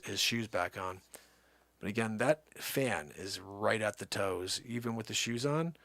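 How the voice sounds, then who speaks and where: A man hosting a comedic live show, bantering and joking in an animated, over-the-top way, pleading and rambling on a pretend call. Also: mid-range voice, dry recording. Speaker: livestream host.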